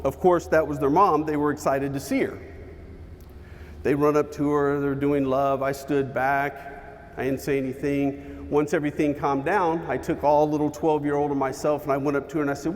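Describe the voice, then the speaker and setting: A man's voice: a little high, steady tone, slight background noise. Man telling a story in a big hall. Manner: dramatic storytelling with pauses and shifts in pace. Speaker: keynote speaker. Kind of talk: motivational keynote storytelling. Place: large hall with an audience.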